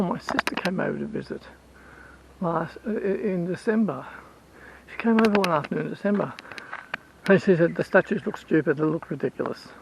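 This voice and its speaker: Australian man, vlogger mid-whinge, repetitive and rambling, husky-edged fry throughout, faint hiss behind. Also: on the high side. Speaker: vlogger and house sitter. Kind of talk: casual vlog rant.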